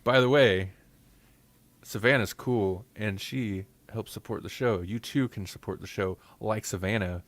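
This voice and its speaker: A man's voice: on the low side, measured pace. Rambling, jokey male podcast host. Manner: rambling, self-correcting, jokey. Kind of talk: casual chat.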